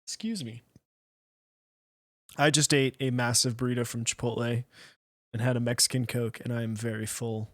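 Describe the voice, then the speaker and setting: Man, mid pitch, relaxed, dry asides, very dry close sound. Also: normal speed, long pauses, dry recording. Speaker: stream co-host. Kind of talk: casual chat, reading donations.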